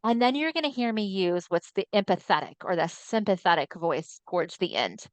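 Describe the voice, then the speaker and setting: A woman's voice: fairly low pitch, expressive, a little fast, no room sound. A woman trainer giving an upbeat, chatty webinar presentation over a computer mic on a video call. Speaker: assistive technology trainer.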